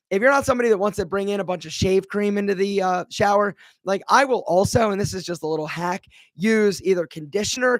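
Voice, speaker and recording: A man's voice: high voice, fairly bright tone, dry recording, studio quality. A man, a brand founder, answering viewer questions in a casual live Q&A, chatty and full of fillers. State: a bit out of breath.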